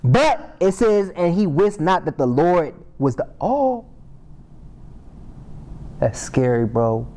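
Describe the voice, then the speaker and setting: A man's voice: a little high, sing-song, slow pace, long pauses, mellow, slight background noise. A man leading a casual Bible study, reading scripture aloud and riffing on it in a slangy, conversational way. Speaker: Bible class teacher. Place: Sabbath class meeting room.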